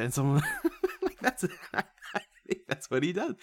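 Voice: medium pitch, huge pitch swings, measured pace, pauses often, no echo. Podcast cohost rambling n making crude jokes, laughs a lot, dry close mic. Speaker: podcast co-host. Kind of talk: casual podcast chat.

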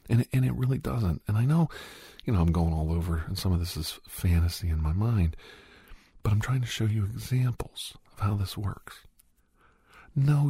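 Gravelly dark-voiced man giving dating advice. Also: lowish voice, dry recording, clean studio sound. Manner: rambling, acts out little dialogues. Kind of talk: casual dating advice talk.

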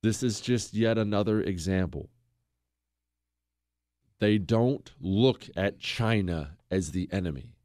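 A man's voice: on the low side, slow pace, long pauses, dry recording, studio quality. A man hosting a political talk radio show, delivering a combative, sarcastic monologue and raising his voice to make a point. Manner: combative, sarcastic, shouts for emphasis.

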